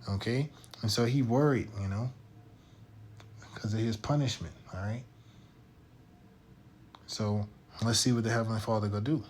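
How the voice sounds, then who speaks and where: A religious teacher gives a scripture lesson, reading verses aloud in older biblical wording and often checking in with "okay?" and "all right?". His voice is medium-pitched, with a measured pace and long pauses.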